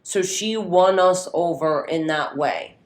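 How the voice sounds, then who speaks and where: A woman's voice: lowish voice, slow. A woman co-hosting a podcast in casual chat, retelling stories and acting out what others said. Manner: storytelling, animated retelling with quoted voices. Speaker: podcast co-host.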